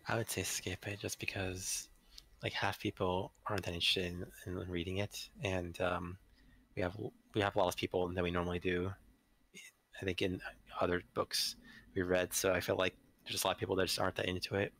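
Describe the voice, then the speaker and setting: A man in a book club chatting casually, speaking quickly in run-on phrases. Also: low-pitched, little pitch movement, fairly bright tone, dry recording. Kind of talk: casual chat.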